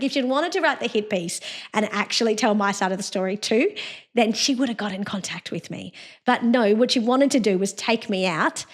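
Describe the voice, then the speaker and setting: A woman hosting a podcast, giving an indignant, scornful solo commentary with derisive laughs. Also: medium pitch. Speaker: podcast host.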